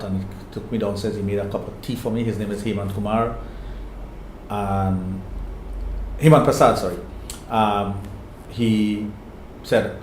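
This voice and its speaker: A man's voice: lowish voice, fairly even intonation, normal speed, pauses often, darkish tone. An older man with a Trinidadian accent, answering interview questions in an earnest, reflective way and often repeating phrases as he thinks. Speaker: interview guest, sexologist. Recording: echoey room with faint noise.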